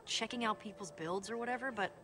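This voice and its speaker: A woman's voice: mid-range voice, quick pace, sharp tone, lightly acted. An actress playing a tough, blunt female adventurer in a story video game, with an offhand manner.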